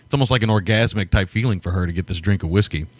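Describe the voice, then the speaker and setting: A man's voice: sits low, rapid-fire, dry recording. Laid-back American man rambling about movies. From United States. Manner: rambling, laughs often, swears casually. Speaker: podcast co-host. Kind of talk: casual film review chat.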